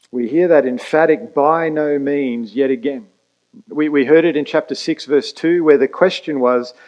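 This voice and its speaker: A man preaching a sermon as pastor, emphatic and pausing for effect. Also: medium pitch, a little mellow, low-quality recording. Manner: emphatic preaching with dramatic pauses and quick asides.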